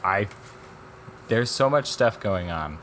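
A man with a low-pitched voice talks casually on a podcast, rambling through a documentary's story and acting out the people in it. There is a faint hum of noise behind him. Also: takes it slowly. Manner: rambling, animated retelling with quoted voices and laughs. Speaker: podcast co-host. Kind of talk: casual chat reviewing documentaries.

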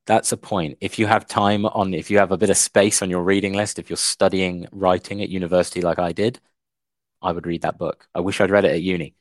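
Deep-voiced young man, chatty. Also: fairly quick, no room sound, studio quality. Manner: animated retelling, fillers like "like". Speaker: podcast co-host. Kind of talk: casual book discussion.

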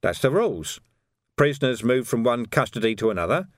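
A man voicing a gruff, stern night-watch sergeant who speaks curtly and sticks to the rules. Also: mid-range voice, very animated, fairly quick, dry recording, close to an everyday voice. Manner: curt, dry, by-the-rules.

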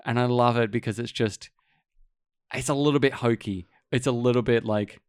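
A man's voice: mid-range voice, steady tone, normal speed, no room sound, clean studio sound. A man hosting a podcast. He chats in a rambling, casual way, with many fillers and restarts. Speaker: podcast host.

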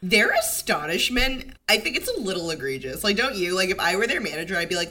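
A woman's voice: mid-range voice, fast talker. A young woman co-hosting a podcast, recapping a TV episode in casual chat and acting out the characters' lines. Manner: animated, acts out characters in quotes. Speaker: podcast co-host.

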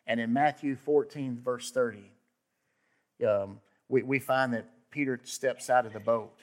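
A man delivers a sermon in a conversational, storytelling way. His pitch sits in a middling range, and he swings between forceful emphasis and quiet, hushed asides. He acts out the people he quotes with sudden outbursts. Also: fairly even intonation, measured pace. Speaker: pastor.

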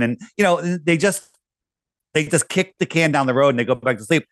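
A man's voice: a little high, fairly quick, no echo. Storytelling man, dry close sound. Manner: storytelling, acts out quoted voices. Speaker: podcast guest. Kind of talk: casual conversation.

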